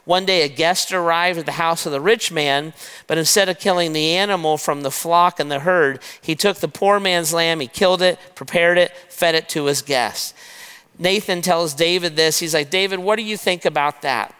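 Man, pastor, sermon, lively retelling, bright tone, raised pitch. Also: normal speed, smooth. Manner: retells scripture as lively storytelling, addresses the crowd as guys. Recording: long reverb of a large hall.

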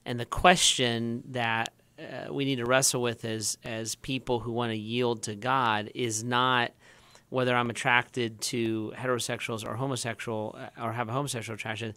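A man's voice: mid-range voice, level tone, normal speed, bright, forceful tone, no echo. A man, a pastor co-hosting a podcast, talking through a faith question in a thoughtful way with frequent restarts. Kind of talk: casual podcast discussion.

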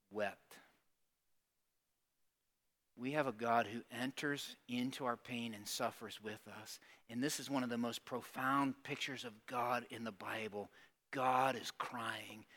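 A man's voice: mid-range voice, bright, forceful tone. A male pastor preaching a sermon with emphatic call-and-response, putting direct questions to his congregation.

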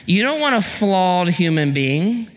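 A man preaching a sermon as pastor, telling a funny story with animated delivery and sudden shouted punchlines. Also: high-pitched, measured pace, long reverb tail. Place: church sanctuary.

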